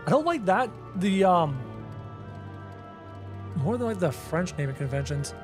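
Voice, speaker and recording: A man's voice: high voice, very animated, a little slow. A Canadian man streaming a game, chatting casually with viewers and muttering as he reads lists aloud, with faint music behind him. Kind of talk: casual live-stream chat.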